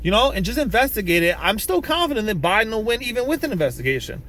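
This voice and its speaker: A man's voice: high voice, sing-song, quick pace, a bit bright. A man ranting casually to camera in a vlog, rambling with many restarts, swearing and bursting out emphatically. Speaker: vlogger. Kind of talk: casual political rant to camera. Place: in a vehicle.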